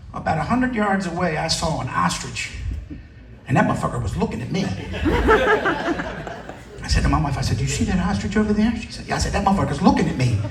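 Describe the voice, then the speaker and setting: A man doing a stand-up comedy set, telling a story with shouted screams and acted-out dialogue. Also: sits high, a little hiss or hum. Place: comedy club stage. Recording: echoey club from a distance.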